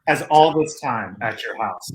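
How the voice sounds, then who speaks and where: A man's voice: medium pitch, a little slow. A man co-hosting a casual podcast, telling stories and ranting with jokes and acted-out quotes. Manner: animated storyteller acting out quotes; joking, opinionated. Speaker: podcast co-host.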